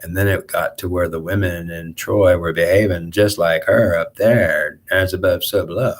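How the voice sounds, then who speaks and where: Low, husky man rambling on camera. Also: steady tone. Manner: halting, with restarts and repeats. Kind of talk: rambling spiritual monologue.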